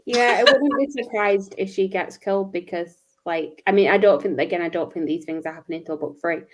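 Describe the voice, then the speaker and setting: Woman, dry teasing book chat, lowish voice. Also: brisk, poor audio. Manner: dry, teasing, matter-of-fact.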